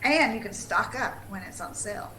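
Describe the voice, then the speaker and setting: A woman's voice: medium pitch, animated, fairly quick, pushed and bright, roomy sound, a little hiss or hum, poor audio. A woman from Tennessee with a Southern accent, a dietitian giving upbeat, chatty advice and laughing often. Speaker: dietitian, featured speaker. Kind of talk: casual livestream talk.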